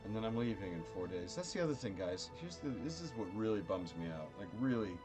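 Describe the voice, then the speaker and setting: Streamer, male, lowish voice, jokey and self-mocking, faint music underneath. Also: quick pace. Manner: animated, joking, self-mocking. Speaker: livestreamer chatting with viewers. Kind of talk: casual live-stream chat.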